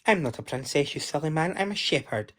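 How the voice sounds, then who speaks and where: A man's voice: animated, moderate pace, darkish tone, breathy edge. A man reading aloud and voicing a bossy, mischievous young girl with a sweet, giggly manner. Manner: sweet, giggly, shrill when screaming.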